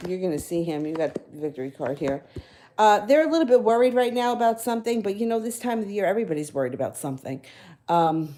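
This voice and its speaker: A woman's voice: medium pitch, fast, mellow, slight background noise. A woman giving tarot readings on a live stream, talking in a casual, rambling way, correcting herself and chuckling between phrases. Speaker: tarot reader.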